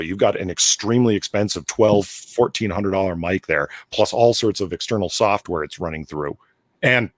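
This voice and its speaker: A man's voice: on the low side, no echo, clean studio sound. A man co-hosting a casual podcast chat, ranting animatedly and swearing a lot. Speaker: podcast co-host.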